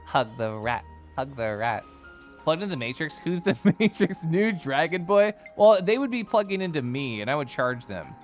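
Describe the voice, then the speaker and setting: A male streamer chatting with his viewers in a teasing, giggly way. His pitch swoops up and down constantly. Soft music plays faintly behind him. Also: very animated, moderate pace. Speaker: livestreamer. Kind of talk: casual chat with stream viewers.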